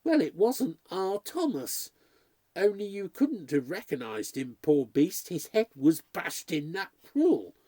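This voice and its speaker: Nervous young housemaid, high and rushed, read by a male narrator. Wild pitch swings. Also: huge pitch swings, mellow, breathy edge, no echo, clean studio sound, heavily acted. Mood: anxious. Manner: breathless, tumbling, high-strung.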